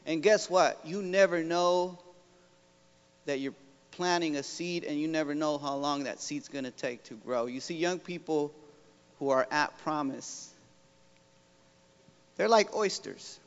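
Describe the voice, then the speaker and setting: A man with a slightly high voice gives an earnest, rallying talk as a guest professor. He keeps checking in with the audience. The sound is dull, and his voice rings through a big hall with a long echo. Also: smooth. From Oakland, California. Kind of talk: motivational public talk. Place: large school hall.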